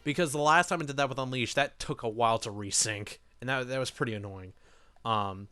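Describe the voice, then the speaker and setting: A man's voice: medium pitch, a little fast, pushed and bright, clear, resonant tone, soft background music. A young man giving casual, rambling let's play commentary, correcting himself as he goes. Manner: rambling, self-correcting, laughs often.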